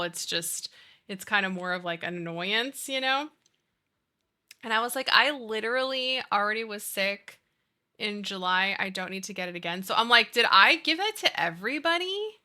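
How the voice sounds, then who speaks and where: A woman's voice: mid-range voice, pushed and bright. A woman in her thirties streaming live, chatting casually with her viewers, swearing freely and laughing often. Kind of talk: casual livestream chat.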